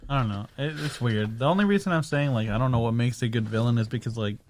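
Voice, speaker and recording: A man's voice: mid-range voice, fast talker, a little mellow, a little hiss or hum. A man co-hosting a podcast in casual chat, hesitantly thinking aloud with lots of fillers. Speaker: podcast co-host.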